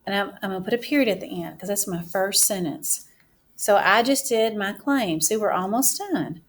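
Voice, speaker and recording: A woman teacher giving a classroom writing mini-lesson, speaking slowly and deliberately as she writes each word aloud. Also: mid-range voice.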